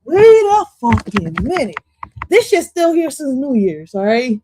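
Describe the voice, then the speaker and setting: A woman hosting a casual livestream, reacting to clips in a loud, profane, animated way and dropping in Spanish exclamations. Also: sits high, unhurried, a little hiss or hum. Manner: loud, profane, animated, jumps between topics.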